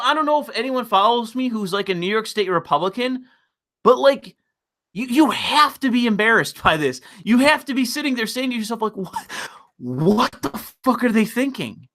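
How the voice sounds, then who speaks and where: A man's voice: extremely high pitch, pushed and bright. A man ranting about politics on a livestream, profane and exasperated, repeating words and restarting his sentences as he gets worked up. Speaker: political commentator.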